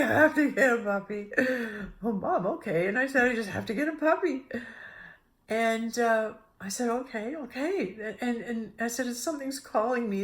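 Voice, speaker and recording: A middle-aged woman giving a casual spiritual talk, telling a personal story with lively restarts and acted-out inner voices. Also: medium pitch. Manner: animated, restarts often, acts out her own inner voices. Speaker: spiritual speaker.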